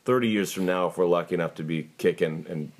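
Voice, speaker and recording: A young man co-hosting a casual podcast chat with friends, jokey and quick to drop into cartoon voices. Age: young adult. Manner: jokey, breaks into squeaky cartoon voices and laughs. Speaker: podcast co-host.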